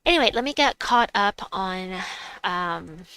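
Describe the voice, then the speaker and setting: A woman chats casually to her stream audience while playing, telling a long personal story and reading viewer messages aloud. Her voice is bright and smooth, captured close and dry at a home desk mic. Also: medium pitch, expressive, unhurried, no room sound, poor audio. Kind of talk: casual chat.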